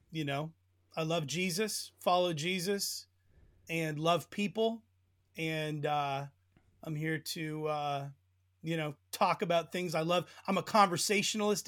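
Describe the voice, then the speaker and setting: Man from pennsylvania, podcast guest, high voice, chatty, lots of ums. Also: fairly bright tone. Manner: chatty, hesitant with many fillers, laughs easily. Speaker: guest, Bible teacher. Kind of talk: casual interview chat.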